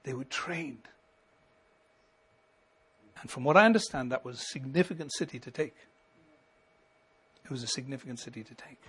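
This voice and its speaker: A middle-aged male pastor preaching a sermon, building to emphatic lines and then dropping to a quiet, intimate tone. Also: mid-range voice, moderate pace, pauses often, breathy edge. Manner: preaching with rising emphasis and sudden soft drops.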